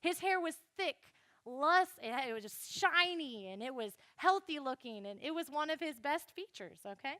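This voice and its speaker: A young woman giving a chatty, animated Bible lesson to a youth group and speaking straight to the listeners. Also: high voice, moderate pace, no echo, studio quality. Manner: chatty, animated, addresses the audience directly.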